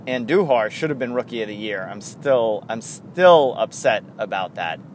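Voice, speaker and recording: A man with a New York accent hosting a casual solo sports podcast, rambling and excitable, laughing often. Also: mid-range voice, moderate pace, a little hiss or hum. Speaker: podcast host.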